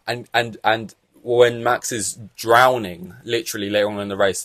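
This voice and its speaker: Low-voiced man ranting on a podcast. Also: normal speed, no room sound. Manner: animated, exasperated, swears freely. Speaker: podcast host. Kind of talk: casual solo podcast rant.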